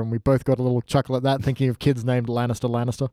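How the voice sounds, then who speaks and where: A man's voice: medium pitch, little pitch movement, racing, mellow, dry recording, studio quality. A man co-hosting a podcast, chatting casually and joking, often acting out quoted lines in silly voices. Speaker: podcast co-host. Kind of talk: casual chat.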